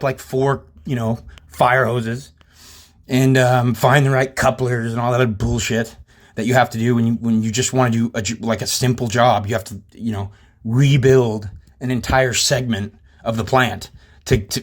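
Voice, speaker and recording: Rambling, indignant man telling a story. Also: medium pitch. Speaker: channel host recounting a workplace incident. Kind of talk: casual storytelling to camera.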